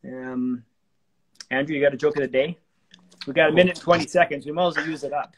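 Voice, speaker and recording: Brief: man, a touch higher voice, easygoing live-show host, rambles with "um"s. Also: fast talker, slight background noise. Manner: chatty, relaxed, lots of fillers and restarts. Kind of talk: live-streamed renovation talk show.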